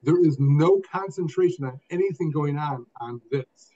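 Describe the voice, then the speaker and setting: An older man, a guest telling his story in an expressive, emphatic way, phrase by phrase. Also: on the high side, moderate pace. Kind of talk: conversational storytelling. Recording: dull lo-fi sound.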